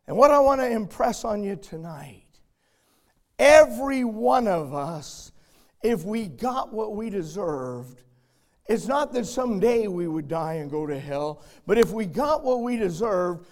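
A man with a high voice preaching a sermon. He talks slowly and deliberately. He shifts from soft storytelling to shouted emphasis. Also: sing-song.

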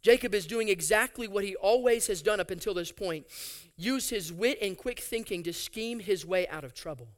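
A man preaching a sermon, reading scripture aloud and adding animated, sarcastic asides. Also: sits high, moderate pace. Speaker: pastor.

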